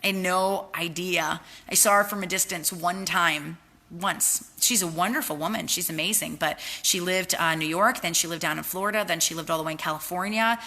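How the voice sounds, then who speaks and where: A woman's voice: fairly low pitch, brisk, pushed and bright. A tired woman hosting a motivational livestream talk, speaking earnestly and with heartfelt, faith-filled encouragement to her team. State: tired from lack of sleep. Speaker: host, network marketing team leader.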